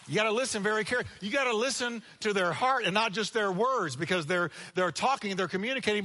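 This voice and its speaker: A male pastor preaching a sermon, swinging between energetic delivery and hushed asides, acting out quoted lines. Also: high-pitched, long reverb tail. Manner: energetic preaching with sudden drops to quiet, acted-out quotes. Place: church sanctuary.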